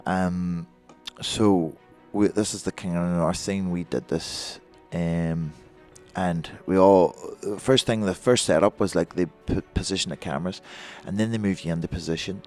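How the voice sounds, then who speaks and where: A man in his thirties, a guest telling a sweary, excitable story and acting out what others said. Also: low-pitched, normal speed, faint music behind. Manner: sweary, excitable, acts out other people's lines. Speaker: guest, former film extra. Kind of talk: animated storytelling.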